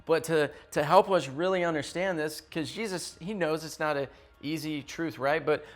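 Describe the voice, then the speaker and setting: A young man preaching a youth sermon in an emphatic, conversational way, often checking in with his listeners. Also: a little high. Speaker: youth pastor.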